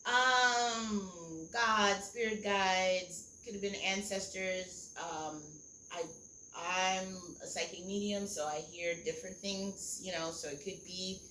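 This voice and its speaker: A woman's voice: mid-range voice, steady tone, takes it slowly. A young woman, a singer, talking candidly and ramblingly as a podcast guest, with many fillers and casual swearing. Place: Costa Rica, outdoors or open room with crickets. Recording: echoey room with loud cricket noise.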